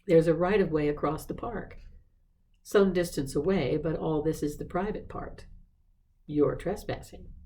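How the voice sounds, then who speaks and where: A woman reading the lines of a dry, teasing young English gentleman. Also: low voice, measured pace, slight background noise. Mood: wry.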